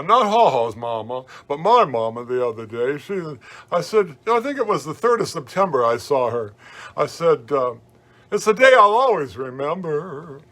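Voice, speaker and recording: A man's voice: a little high, pushed and bright. A man playing a happy hobo clown as guest host of a family comedy show, rambling folksy stories and corny jokes. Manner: rambling, folksy, jokey, chuckling.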